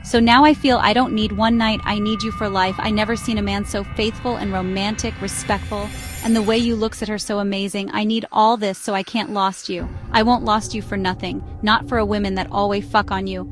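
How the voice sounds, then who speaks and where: A woman's voice: mid-range voice, steady tone, a little fast, hardly any pauses, over music, close to an everyday voice. A woman voicing a rich, jealous young woman who is possessive and scheming, speaking in broken grammar. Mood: obsessive. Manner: pleading then threatening, broken grammar.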